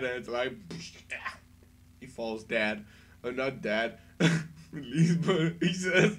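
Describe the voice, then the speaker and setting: A man talks through a review in a loose, rambling way, full of excitement and quick bursts of laughter. His voice sits a little on the high side for a man. The delivery is unscripted and chatty. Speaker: anime reviewer. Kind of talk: casual spoken review.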